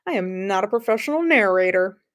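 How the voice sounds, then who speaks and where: A woman's voice: medium pitch, expressive, brisk. A woman, the author of the story, who gives a chatty summary with fillers and restarts and then reads her story aloud. She is slightly sniffly and not a professional narrator. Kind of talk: casual story introduction and reading.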